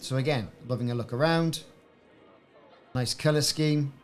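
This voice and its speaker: A man's voice: medium pitch, normal speed, soft background music. A man casually commenting on his gameplay, chatting to friends and often repeating words as he goes. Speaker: gaming video host.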